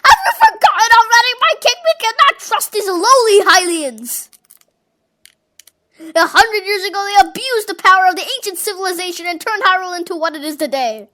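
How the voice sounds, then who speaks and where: A prickly old fish-folk adviser from a fantasy game, put on by a fan doing every role. He protests in scornful, huffy tones, and the voice is very high and bright. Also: fast, few pauses. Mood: indignant. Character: indignant elderly fish-folk royal adviser. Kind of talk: voicing game dialogue.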